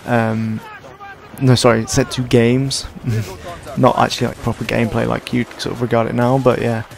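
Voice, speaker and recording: Hoarse, rambling young man. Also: mid-range voice, flat delivery, normal speed. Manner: rambling, self-deprecating, tired. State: hoarse, sore throat. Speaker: gaming commentator. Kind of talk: casual gameplay commentary.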